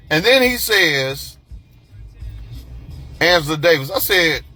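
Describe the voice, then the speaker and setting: A man telling a personal story in a casual monologue, animated and profane, acting out the other people's lines. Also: sits high, unhurried, pauses often, faint music behind. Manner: animated, profane, acts out quoted voices.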